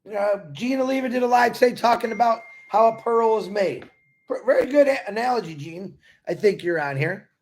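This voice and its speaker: A man gives a rambling, earnest pep talk and keeps coming back to the same points. His voice sits high for a man and has a gravelly edge. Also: brisk. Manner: earnest, rambling, repeats himself. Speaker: company supporter talking to members. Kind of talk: casual motivational talk.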